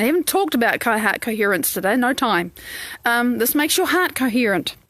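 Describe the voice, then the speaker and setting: High-voiced woman coaching breathing. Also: fairly bright tone, dry recording. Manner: encouraging, guides breathing exercises. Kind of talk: live-stream talk to viewers.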